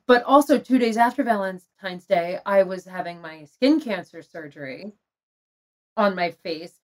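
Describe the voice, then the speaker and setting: A woman's voice: medium pitch, unhurried. Middle-aged woman spilling her story, open and emotional, laughs a lot. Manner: candid, emotional, laughs often. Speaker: guest telling her story. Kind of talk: personal storytelling in conversation.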